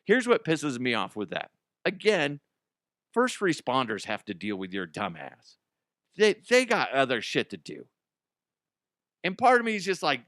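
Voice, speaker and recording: Animated, profane male radio host. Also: mid-range voice, a little slow, long pauses, dry recording, clean studio sound. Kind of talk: crude comedic news talk.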